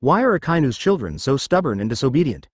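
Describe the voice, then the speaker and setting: A man narrates a fan-fiction story in a steady read-aloud manner, his pitch rising and falling in a lively way. The recording is close and dry, with almost no room sound. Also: fast talker, slightly rough, no room sound. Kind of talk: reading a fanfic audiobook.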